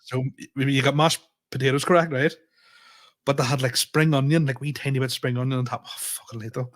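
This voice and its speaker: A man's voice: medium pitch, fairly even intonation, brisk. A man, a comedian co-hosting a podcast, telling a story in casual chat and acting out both sides of the dialogue, with plenty of swearing.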